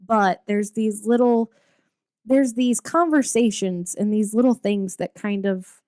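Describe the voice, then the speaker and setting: A woman around forty, chatting candidly on a podcast about raising kids. She rambles a bit, restarting sentences and leaning on fillers, in an average-pitched voice with a dry, close sound. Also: a little slow, darkish tone, no room sound. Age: 40s. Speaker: podcast co-host. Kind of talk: casual chat.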